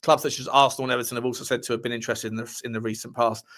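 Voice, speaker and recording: Rapid-fire and level in tone, this man's medium, slightly bright voice carries a football fan livestream. He reads transfer news articles, tosses in cheeky asides and repeats himself in a casual chat.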